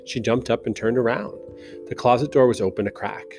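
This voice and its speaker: A man reads a novel aloud as a narrator, in a slow, measured style. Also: mid-range voice. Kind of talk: audiobook narration. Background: soft guitar music.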